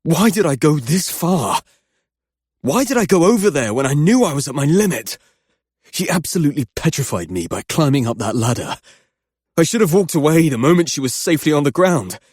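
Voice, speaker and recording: A man playing a guilt-racked young doctor, husky. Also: a little high, big pitch swings, a little fast, darkish tone, no room sound, clean studio sound. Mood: guilt-ridden. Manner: swearing outbursts, self-loathing rants. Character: anguished young male doctor, guilt-ridden, volatile. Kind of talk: audiobook character acting.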